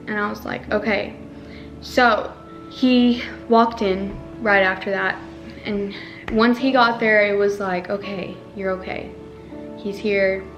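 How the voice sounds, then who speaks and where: A woman's voice: medium pitch, fairly bright tone. A young woman telling a personal story to the camera in a casual, emotional way, full of "like"s and restarts. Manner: emotional, rambling retelling with many "like"s. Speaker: family vlogger. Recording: echoey room with faint music.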